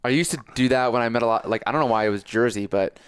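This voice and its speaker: A man's voice: medium pitch, racing, smooth, dry recording, studio quality. A young man from Connecticut, a business coach, chatting casually and telling stories with playful exaggeration. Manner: animated storytelling, playful exaggeration. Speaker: business coach for personal trainers. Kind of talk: casual chat.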